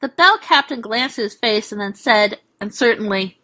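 Bright-voiced woman narrating a story. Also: a little high, lively intonation, moderate pace, few pauses. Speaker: audiobook narrator. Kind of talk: scripted narration.

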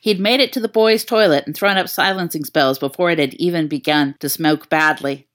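A woman's voice: a little fast, a bit bright, dry recording, studio quality. A woman reading fan fiction aloud as narrator, acting out the dialogue with a lifted voice. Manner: acts out dialogue with raised pitch. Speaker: reader.

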